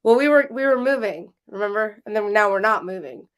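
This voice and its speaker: A woman's voice: mid-range voice, expressive, brisk, clear, resonant tone. Chatty laughing woman podcast co-host. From Washington State. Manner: chatty, laughs often, rambling restarts. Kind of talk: casual livestream chat.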